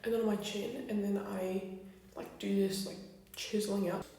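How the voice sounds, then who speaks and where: A woman's voice: mid-range voice, flat delivery, normal speed, gravelly, warm tone, a little hiss or hum. A young woman chatting casually through a makeup tutorial, blunt and swearing freely. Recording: very echoey room, distant from mic.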